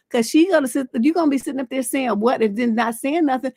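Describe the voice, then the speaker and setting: A middle-aged woman relationship coach gives blunt, profane advice on a livestream, talking fast in a high voice with no echo. She tells stories animatedly, acting out the retorts as she goes.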